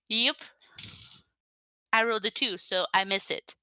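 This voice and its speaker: A woman's voice: medium pitch, measured pace, pushed and bright, smooth, no room sound. A woman playing a tabletop game, bantering playfully and talking through her dice rolls. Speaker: player.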